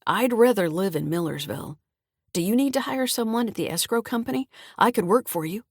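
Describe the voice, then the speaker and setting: A woman's voice: medium pitch, animated, a little fast, slightly rough, no room sound, studio quality, pitched above the performer's own voice. A woman voicing a sullen, bitter grown child in an audiobook, sulky and sarcastic. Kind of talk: audiobook character reading.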